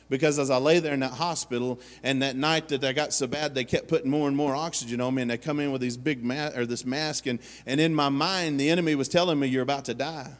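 A man preaching a sermon as pastor, speaking in an earnest storytelling manner and acting out the voices he quotes. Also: mid-range voice. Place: church sanctuary. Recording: long hall reverb.

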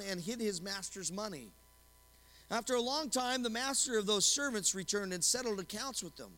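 Male pastor preaching, really high voice, keeps quizzing the crowd, church hall echo. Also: bright, forceful tone. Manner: asks the congregation questions and retells stories with quoted voices. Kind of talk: sermon. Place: church sanctuary.

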